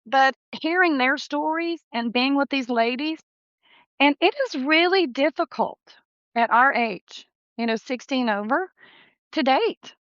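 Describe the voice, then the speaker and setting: A woman's voice: high-pitched, unhurried, no echo, lo-fi sound. A woman in her sixties, a dentist guest telling her story in a chatty, laughing way. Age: 60s. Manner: warm, chatty, laughs often, acts out quoted voices. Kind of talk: casual interview chat.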